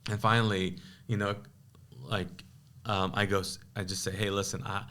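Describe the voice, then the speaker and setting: A man's voice: on the low side, moderate pace. Guy from kuwait telling his story on a podcast, plays out both sides of the conversation, lots of asides. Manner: animated, acts out quoted dialogue with many asides. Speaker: pastor, podcast guest. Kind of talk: personal testimony storytelling.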